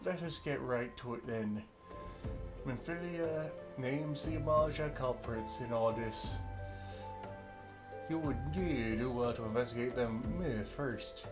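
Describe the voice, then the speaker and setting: A man voicing a stern male camp leader from a game, reading formal old-fashioned lines in a vague made-up accent, with pauses and fillers, music playing behind. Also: mid-range voice, natural voice. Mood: solemn.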